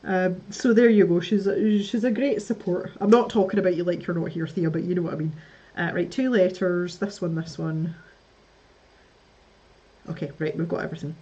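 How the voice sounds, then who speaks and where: A woman's voice: on the low side, fairly even intonation, normal speed, warm tone, muffled recording. A woman hosting a casual live stream, chatting to her viewers as she builds, laughing often and muttering to herself. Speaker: livestream host.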